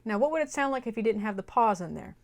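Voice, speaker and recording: A woman's voice: a little high, lively intonation, quick pace. A young woman teaching a music lesson, explaining a melody and singing short phrases to illustrate it. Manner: explains then sings phrases. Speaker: music educator. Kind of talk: music lesson with sung examples.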